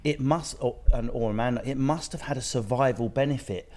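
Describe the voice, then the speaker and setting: A man's voice: mid-range voice, darkish tone. Joking English man, chatty host. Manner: joking, doing bits and voices, halting restarts. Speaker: podcast host. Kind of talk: casual chat.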